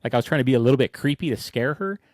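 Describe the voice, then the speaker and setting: A man's voice: medium pitch, lively intonation, racing, very noisy. A man co-hosting a podcast, telling a rambling story in casual chat and laughing through his words. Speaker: podcast co-host.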